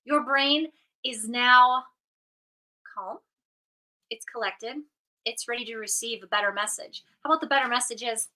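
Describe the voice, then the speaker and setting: A middle-aged woman coach giving an animated motivational talk, acting out inner voices as she goes. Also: on the high side, measured pace, pauses often, rough recording. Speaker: positive intelligence coach.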